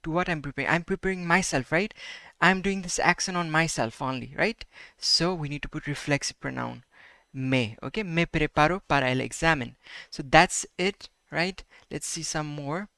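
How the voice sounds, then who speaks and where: In a Spanish grammar lesson, a man speaks with a bright, forceful, creaky voice on the high side, captured up close, dry and without echo. He repeats examples slowly and checks in constantly with "right?" and "okay?".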